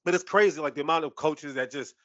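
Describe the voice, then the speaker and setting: A man's voice: a little high, fast talker, dry recording, muffled recording. A man co-hosting a sports podcast, talking casually with lots of swearing and laughter. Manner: animated, profane, laughs often. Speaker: podcast co-host.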